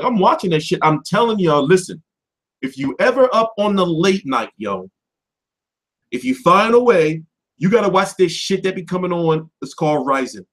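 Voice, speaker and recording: Male stream host, high and lively voice, profane off-the-cuff rant from his home setup. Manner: animated, swearing, jumps between loud and mumbled. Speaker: boxing commentary livestream host.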